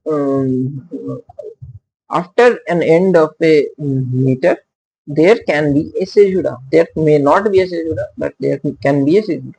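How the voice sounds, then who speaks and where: Husky guy teaching poetry terms, kinda mellow, lots of okays and uhs. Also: fairly high pitch, dry recording, low-quality recording. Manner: methodical, with frequent "okay" and "uh" fillers. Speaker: literature teacher. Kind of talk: recorded lecture explaining poetic terms.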